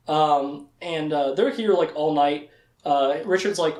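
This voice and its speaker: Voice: medium pitch, normal speed. A lecturer giving a casual recap to a small audience, chatting, laughing often and acting out quotes. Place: room with a small live audience. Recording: echoey room.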